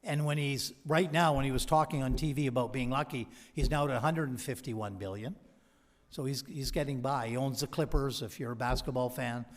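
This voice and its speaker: A man's voice: mid-range voice, brisk. A man gives a convocation speech, telling stories with energy and acting out what people said. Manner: energetic storyteller who acts out quoted dialogue. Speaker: honorary doctorate recipient giving a convocation address. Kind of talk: anecdotal motivational speech. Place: large convocation hall. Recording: long hall reverb from a PA.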